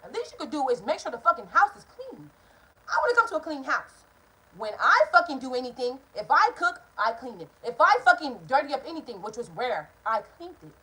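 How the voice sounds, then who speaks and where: A young woman rattles through a personal story at speed, her high voice leaping all over the place. She is blunt and full of swearing, and she talks straight to the camera as if to friends. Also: a little fast, low-quality recording. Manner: animated, profane, talks straight to viewers; acts out quoted people in changed voices. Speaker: vlogger. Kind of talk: casual storytime monologue.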